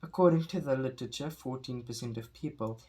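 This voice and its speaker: A man's voice: medium pitch, brisk, a little mellow, husky, close to an everyday voice. A man reading the lines of a confident, knowledgeable field biologist who reassures worried parents. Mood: reassuring. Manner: confident, explanatory.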